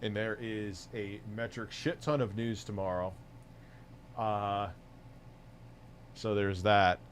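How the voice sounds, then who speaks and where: A man hosts a livestream, rambling casually and swearing freely. His voice sits on the low side, and his talk drifts in an offhand, unpolished way. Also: fairly even intonation, takes it slowly, a little hiss or hum. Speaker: livestream host.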